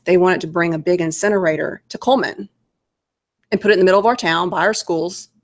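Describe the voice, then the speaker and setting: A woman's voice: on the low side, steady tone, fast. Southern woman hosting, earnest and repetitive. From Alabama, US. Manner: earnest, frequent repeated words and laughs. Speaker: podcast host. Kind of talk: casual conversational interview.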